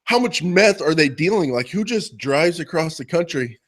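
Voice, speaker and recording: A man's voice: on the high side, expressive, moderate pace, fairly bright tone. A man co-hosting a podcast, telling a joking story in a teasing, casual way. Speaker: podcast co-host. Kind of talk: casual chat.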